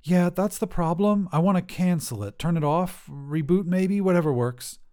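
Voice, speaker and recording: A man voicing an exasperated nineteen-year-old woman on a phone call, quick to anger and pleading. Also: sits high, a little mellow, clear, resonant tone, close to an everyday voice. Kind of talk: audio drama reading.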